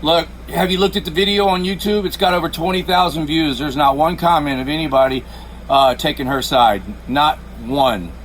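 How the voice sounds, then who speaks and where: A man's voice: fairly high pitch, normal speed, fairly bright tone, a little hiss or hum. A man hosting a confrontational phone call, repeating mocking, sarcastic questions. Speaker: channel host making a phone call.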